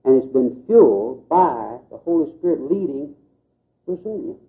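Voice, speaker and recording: A man's voice: fairly high pitch, lively intonation, unhurried. Man lecturing on old tinny tape. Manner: earnest preacherly delivery with folksy asides. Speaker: Baptist missions speaker. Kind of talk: lecture to a group.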